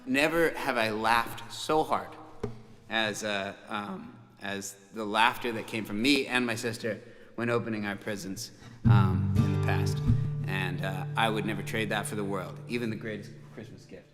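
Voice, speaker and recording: A man's voice: on the low side, a little slow, fairly bright tone, soft background music. A man, a musician hosting his own livestream, telling a family story in a rambling, chuckling way with plenty of fillers and restarts. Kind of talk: casual storytelling chat. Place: room called the bunker. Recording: long reverb.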